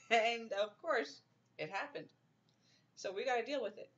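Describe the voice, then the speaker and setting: Woman, podcast host, animated rants, laughs a lot, muffled lo-fi sound. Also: a little high, a little slow. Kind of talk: casual chat about wrestling. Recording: dull lo-fi stream audio.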